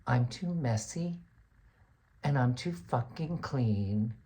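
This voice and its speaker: A man's voice: mid-range voice, animated, takes it slowly, warm tone. A man doing a smug young male student. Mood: smug teasing.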